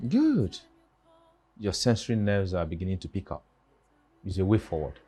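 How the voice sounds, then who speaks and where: A reassuring Nigerian doctor with a low, steady voice, speaking calmly and firmly to a patient. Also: male voice, moderate pace, slightly rough, heavily acted. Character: calm, reassuring male doctor.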